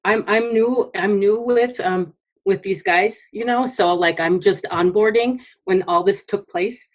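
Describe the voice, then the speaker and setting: A woman on a group video call speaks hesitantly, often restarting her phrases. Her pitch is middling. The sound is dull and lo-fi. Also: unhurried. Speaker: call participant, new team member.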